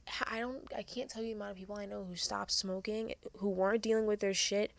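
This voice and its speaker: A woman's voice: medium pitch, fairly even intonation, fast talker, creaky. A young woman hosting a podcast, giving frank, earnest advice in casual chat and swearing freely. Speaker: podcast host.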